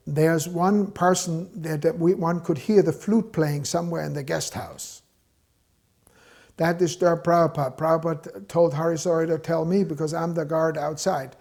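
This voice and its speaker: Gravelly older man recalling. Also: a little high, fairly even intonation, moderate pace, darkish tone. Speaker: former guard. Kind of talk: personal reminiscence.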